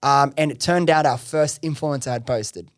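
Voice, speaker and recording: A man hosting a podcast, telling his startup story in casual chat, excitable, swearing freely and saying "like" a lot. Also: mid-range voice, normal speed, no echo, clean studio sound. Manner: excitable, swears freely, heavy use of "like" and "bro".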